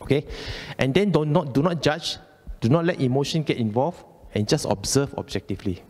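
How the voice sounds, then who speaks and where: Speaking fairly quickly in a mid-range, darkish voice, a Malaysian-accented Buddhist speaker gives a relaxed Dhamma talk in a temple hall. A long reverb trails his words as he chats colloquially, repeats phrases, and keeps asking "okay?".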